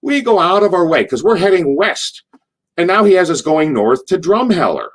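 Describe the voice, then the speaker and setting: With a high, very animated voice at ordinary speed, this older man, once a wrestler, wanders through a story during an interview. He acts out each person he quotes in their own voice.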